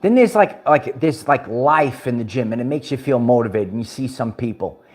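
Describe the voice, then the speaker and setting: A Brooklyn, New York man runs a livestream as a spiritual empowerment vlogger, speaking in a mid-range, somewhat dark voice at a moderate pace. He's animated, emphatic and preachy with his viewers, repeating his phrases as he motivates them.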